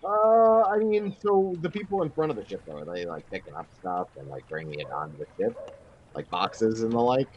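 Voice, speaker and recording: A young man playing a tabletop game, animated and full of questions as he thinks aloud. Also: on the low side, moderate pace, muffled recording, a little hiss or hum. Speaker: player. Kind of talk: casual tabletop play.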